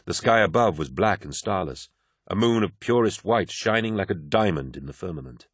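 Man, very deep voice, measured dramatic audiobook narration, dry close recording. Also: animated, slightly rough, no room sound.

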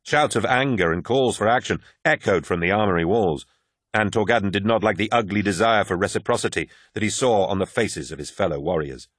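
A man narrating an audiobook in a steady, dramatic reading. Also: fairly low pitch, fairly quick, no room sound, clean studio sound. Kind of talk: scripted narration.

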